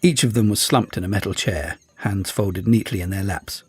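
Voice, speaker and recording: A man narrating an audiobook in a lively, expressive way. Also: on the low side, normal speed, husky. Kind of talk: scripted narration.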